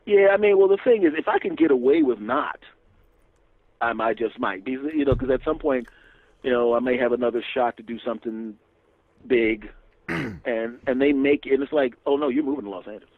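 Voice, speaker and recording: A man, a comedian telling stories in an animated, profane way as a guest. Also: medium pitch, normal speed, vocal fry, dry recording. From Philadelphia area, USA. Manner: animated, swearing, laughs often, acts out dialogue. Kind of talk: casual storytelling interview. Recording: dull lo-fi radio recording.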